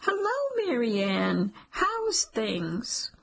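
A woman narrator doing a loud, fussy older office busybody with a shrill, brassy voice pitched well above her own. Her exclamations are grating. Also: sing-song, takes it slowly, exaggerated voice, low-quality recording.

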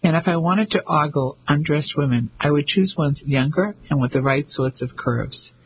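A man's voice: on the high side, normal speed, a little hiss or hum, lightly acted, poor audio. A man voicing a self-assured, mocking male fisherman who teases and bluffs in an audiobook reading. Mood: teasing. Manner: mocking, confident.

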